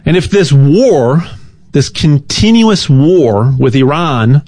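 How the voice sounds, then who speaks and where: A man hosting a show, talking in a casual, animated and rambling way that repeats and restarts words, with a sponsor pitch. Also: slow, no room sound. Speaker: show host.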